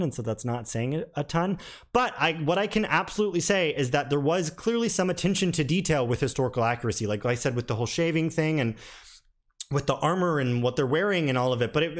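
A man's slightly high-pitched voice giving a loose, unscripted review. He rambles, stumbles over restarts and leans on fillers, and his verdicts come out blunt and candid. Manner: frank and rambling, with many restarts and "like"; candidly critical, mildly exasperated. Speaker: film reviewer. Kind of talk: casual spoken review.

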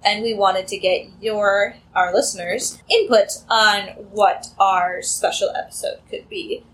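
A woman's voice: mid-range voice, expressive, a little slow, fairly bright tone, slight background noise, low-quality recording. A woman co-host making a friendly announcement asking listeners for input. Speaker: podcast co-host.

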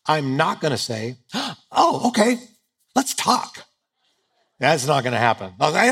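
On stage before a live audience, a pastor with a high-leaning voice, gravelly, a bit bright, and husky, gives a sermon. He talks casually, cracks jokes, and laughs at his own expense.

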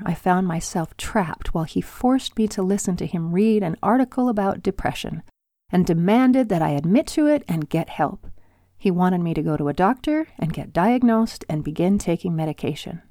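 An older woman hosting her own podcast and reading aloud from her memoir in a calm, measured way. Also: lowish voice, no echo, studio quality. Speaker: podcast host and author.

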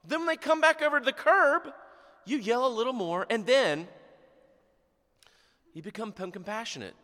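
A man pastor preaching a sermon, animated and sarcastic, acting out quotes as he goes. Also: on the high side, normal speed, in a large hall.

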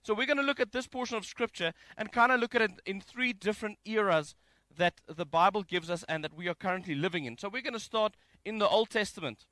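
A man giving a conversational sermon from home, reading scripture and mixing in jokes with an animated delivery. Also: sits high, fast talker, hardly any pauses, no echo. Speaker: preacher. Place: home, during isolation.

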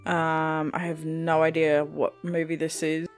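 A woman's voice: sits low, level tone, measured pace, faint music behind. A woman co-hosting a casual podcast, answering quiz questions with short, unsure replies and frequent laughs. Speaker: podcast co-host and quiz contestant.

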